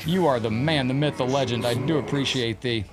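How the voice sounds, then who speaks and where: A man's voice: medium pitch, brisk, over music. A man streaming a fighting game, chatting casually with viewers and talking sweetly to his cat. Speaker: gaming streamer. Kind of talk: casual live-stream chat.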